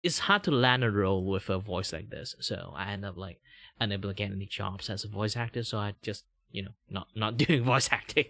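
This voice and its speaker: A man in his thirties from Malaysia with a Malaysian English accent, chatting casually on a livestream in a rambling, meandering way with a deliberately raised tone. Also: lowish voice, creaky, a bit bright, no echo. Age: 30s. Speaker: VTuber streamer.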